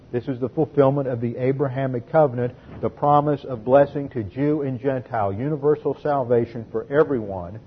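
Husky guy teaching the bible verse by verse, slightly muffled old recording. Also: medium pitch. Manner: methodical, explains Greek words and spells them out.

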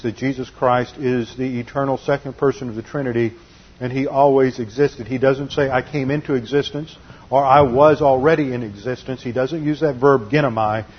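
A man's voice: mid-range voice, husky, lo-fi sound. A man preaching a sermon, teaching carefully and explaining the meanings of Greek and Hebrew words.

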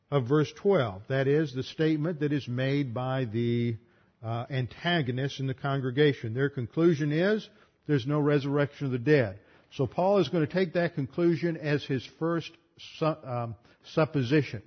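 A man teaching a Bible study lecture, working through an argument step by step and spelling out terms. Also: mid-range voice. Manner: methodical, explanatory, spells out terms. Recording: muffled lo-fi recording.

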